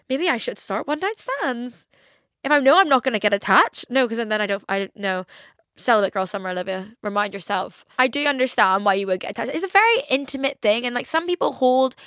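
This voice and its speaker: A woman in her twenties with a Northern Irish accent, chatting candidly on her own podcast. Her delivery is loose and talky, scattered with "like". The voice sits at a middle pitch and sounds dry and close to the mic. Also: a bit bright, no room sound. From Northern Ireland. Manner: chatty, candid, frequent "like" fillers. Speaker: podcast host. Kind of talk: casual solo chat.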